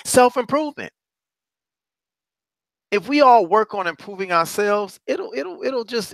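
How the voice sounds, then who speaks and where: A man speaking as a motivational courage coach to a congregation, emphatic and repetitive, swinging from low murmurs up to loud, high exhortations, with speech. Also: no echo. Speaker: self-described courage coach.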